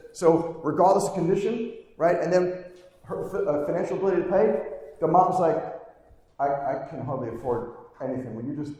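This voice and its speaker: A man's voice: fairly high pitch, warm tone. Middle-aged man telling stories in an echoey hall. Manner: earnest storyteller, keeps asking the crowd "right?". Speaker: pediatric chiropractor giving a keynote. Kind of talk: live conference talk, storytelling. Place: large conference hall, live on stage. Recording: very echoey hall, distant mic.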